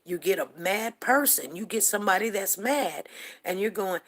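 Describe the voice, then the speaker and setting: A woman's voice: mid-range voice, lively intonation, moderate pace. A woman hosting a livestream show, talking heatedly and emphatically and repeating herself to drive her points home. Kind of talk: impassioned livestream commentary.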